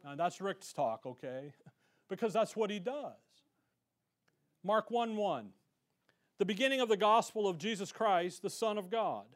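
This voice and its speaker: A man with a notably high voice leads an evening Bible study. He talks in a casual, folksy way, drops slangy asides, and hits his main points with strong emphasis. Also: lively intonation, a little slow, pauses often. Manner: emphatic when stressing key points. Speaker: Bible teacher.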